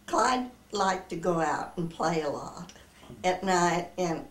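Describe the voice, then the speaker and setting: A woman's voice: on the low side, takes it slowly, echoey room, recorded from a distance, rough recording. Older woman, laughing family storyteller. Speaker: interviewee.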